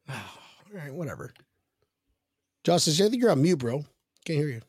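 Joking Australian man, higher voice. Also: normal speed, slightly rough, dry recording, clean studio sound. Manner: joking, excitable banter. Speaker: podcast host. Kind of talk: casual sports chat.

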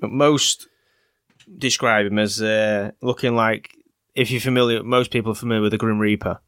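A man's voice: fairly low pitch, fairly even intonation, normal speed, fairly bright tone, smooth, no room sound, clean studio sound. Chatty Northern English man co-hosting. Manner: rambling, chatty, with fillers and restarts. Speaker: podcast co-host. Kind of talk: casual podcast chat.

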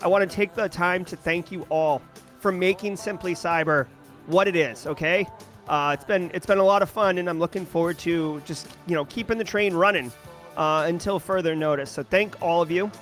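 A man hosting a casual daily news livestream, talking in an animated, ranting way with many fillers and restarts. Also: sits high, moderate pace, soft background music.

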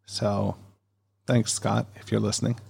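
A man's voice: fairly low pitch, little pitch movement, measured pace, creaky, a little mellow, husky. A man hosting a podcast, rambling and chatty in a casual monologue, recorded on a studio dynamic mic. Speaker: podcast host.

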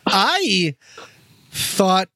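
A man's voice: high voice, big pitch swings, very slow, sharp tone, no echo. A man co-hosting a movie podcast, chatting casually and poking fun at himself with frequent laughs. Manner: chatty and self-deprecating, laughs a lot. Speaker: podcast co-host.

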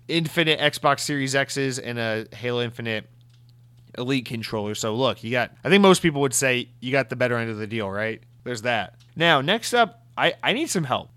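A man's voice: mid-range voice, no echo. A man hosting a show and answering listener mail in a casual, profane, exasperated rant, slipping into mocking voices. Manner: animated, profane, exasperated ranting with mock voices. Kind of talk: casual ranting commentary.

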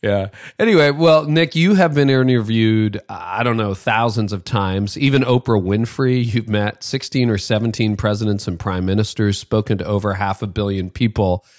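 A man's voice: on the low side, moderate pace, hardly any pauses, no room sound, studio quality. A man hosting a podcast, reading an ad and interviewing a guest in an upbeat, chatty way with casual fillers. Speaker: podcast host.

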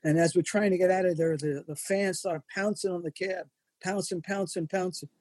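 An older man, a wrestling photographer and magazine editor, tells animated wrestling-road stories as an interview guest, acting out the voices of people in his anecdotes. He speaks high-pitched at a moderate pace, with no room sound.

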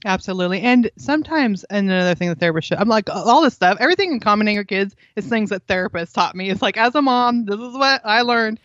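A woman's voice: medium pitch, animated, quick pace, hardly any pauses, a bit bright, no room sound. A middle-aged woman, a guest in a casual interview, tells stories animatedly, acting out quoted dialogue and laughing often. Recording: dull dry lo-fi audio.

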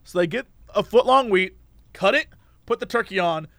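A man's voice: high voice, lively intonation, normal speed, creaky, a bit bright, dry recording. A man hosting a podcast, telling a story in a casual, laughing way. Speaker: podcast host.

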